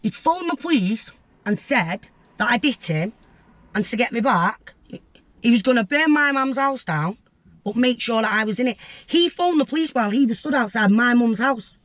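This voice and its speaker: A woman's voice: a little high, lively intonation, moderate pace, fairly bright tone, no echo. Brief: young woman, interview guest, blunt and vivid storyteller. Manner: blunt, vivid storytelling that acts out voices, with swearing.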